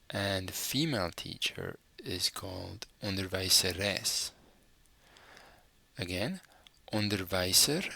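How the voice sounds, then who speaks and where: A man teaching a recorded language lesson, patiently saying each word and repeating it slowly. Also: deep voice, creaky, bright, forceful tone, no echo. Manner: patient, spells out words slowly and repeats them.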